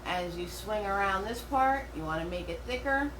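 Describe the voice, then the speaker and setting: A woman's voice: medium pitch, expressive, moderate pace. Woman, middle-aged, painting instructor, chatty, rambling, fillers, echoey room, mic at a distance. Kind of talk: live step-by-step painting class. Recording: roomy, from away from the mic, faint hum.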